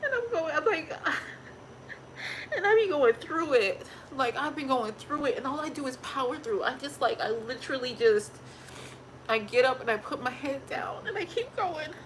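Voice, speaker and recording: Pregnant lady talking to her viewers on her phone, kinda high voice, rambly and earnest, laughs a lot mid-sentence. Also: lively intonation, normal speed, fairly bright tone, slight background noise, rough recording. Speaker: family vlogger. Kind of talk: candid casual chat to viewers.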